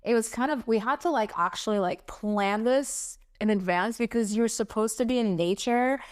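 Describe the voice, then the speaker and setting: A woman's voice: on the high side, moderate pace, clean tone. A young woman hosting a podcast, telling a story in a rambling, casual way full of fillers and acted quotes. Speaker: podcast host. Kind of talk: casual chat.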